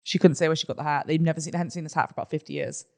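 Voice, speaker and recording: A woman's voice: sits low, fairly even intonation, rapid-fire, gravelly, dark tone. A woman co-hosting a comedy podcast, chatting casually and often answering her partner with "mm-hmm". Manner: chatty, backs the other host with "mm-hmm". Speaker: podcast co-host. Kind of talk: casual chat.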